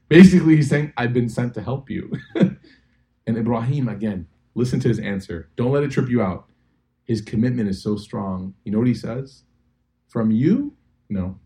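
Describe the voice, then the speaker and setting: A man giving a lively religious lecture to a live audience, telling stories with acted-out quotes and jokey asides. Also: mid-range voice. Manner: animated storytelling, acting out quotes, jokey asides. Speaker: imam lecturer.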